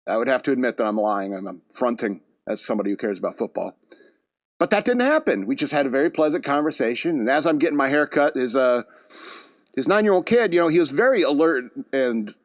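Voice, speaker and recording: A man of middle pitch tells a meandering story on his podcast, chatty and amused with himself. The studio sound is dry and close. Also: no room sound. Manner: rambling, chatty, laughs at his own jokes. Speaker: podcast host. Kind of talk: casual storytelling monologue.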